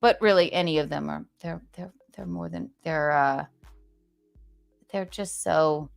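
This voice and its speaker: A woman's voice: low-pitched, unhurried, vocal fry, soft background music. A woman hosting a livestream in casual chat, playful and talkative, often restarting her sentences. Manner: chatty and playful, with many restarts. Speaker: livestream host.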